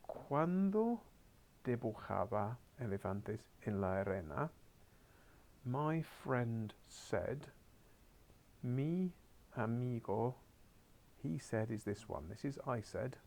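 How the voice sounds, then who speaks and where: A man's voice: mid-range voice, expressive, slow, vocal fry, a little mellow. A man teaching a beginners' Spanish class, coaxing his pupils along with wry asides and muttered whispers, heard in a school classroom.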